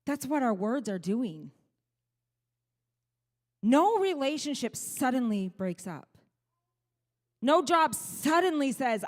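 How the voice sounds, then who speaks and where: Middle-aged woman pastor, fairly high voice, earnest preaching, long church-hall reverb. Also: slow, long pauses. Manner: earnest, quotes people in lively put-on voices. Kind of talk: sermon. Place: church sanctuary.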